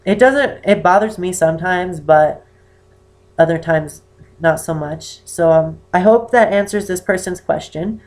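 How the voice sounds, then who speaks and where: An eighteen-year-old man with a naturally high voice, chatting to camera in a rambling, self-conscious way. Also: measured pace, darkish tone. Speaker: vlogger answering a viewer question. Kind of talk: casual chat to camera.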